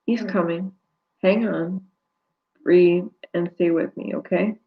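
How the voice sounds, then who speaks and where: A woman's voice: lowish voice, fairly even intonation, slow, narrow, tinny audio. A woman voicing a protective young man who steps in firmly and reassures a friend. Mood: reassuring. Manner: firm, reassuring.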